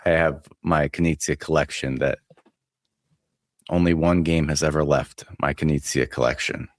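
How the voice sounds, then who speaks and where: Very deep-voiced deadpan male co-host. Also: unhurried, no echo, clean studio sound. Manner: deadpan, understated verdicts. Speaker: podcast co-host. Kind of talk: casual chat.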